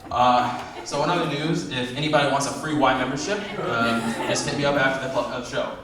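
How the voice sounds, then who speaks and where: A young man telling animated stand-up stories on a comedy club stage. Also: medium pitch, fairly quick, crowd noise. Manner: animated storytelling, acts out voices. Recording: distant, very echoey club room.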